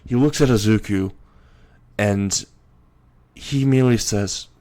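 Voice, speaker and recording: A young man narrating an improvised story in a loose, halting way with frequent restarts. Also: mid-range voice, fairly even intonation, mellow.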